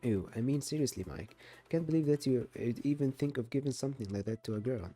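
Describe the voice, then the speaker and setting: A man's voice: mid-range voice, quick pace, dark tone, soft background music, natural voice. A man voicing a sullen, jealous young woman in a dating game, grudging and squeamish. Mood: disgusted.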